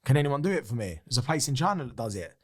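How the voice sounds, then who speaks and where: Talking very fast in a mid-range, slightly rough voice, a male podcast guest excitedly recounts something that happened to him. He's candid and casual, curses freely, and performs other people's lines as he goes.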